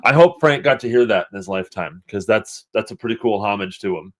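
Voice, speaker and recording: A man appears as a guest on a music podcast, chatty and keen to share what he knows. His voice sits a little low, and his talk is loose and casual. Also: lively intonation, brisk. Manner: chatty, eager to share knowledge. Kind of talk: casual chat.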